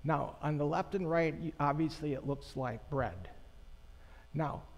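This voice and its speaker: A pastor giving a sermon to his congregation in a conversational, unhurried way, pausing and making asides to the people in the pews. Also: on the high side, a little mellow. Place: church sanctuary. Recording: long church reverb.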